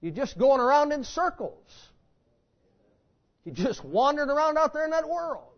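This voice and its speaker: In an animated sermon at normal speed, a pastor pauses often, driving hard on key words and then going low and intense. His voice runs high for a man, and the lo-fi church recording sounds dull.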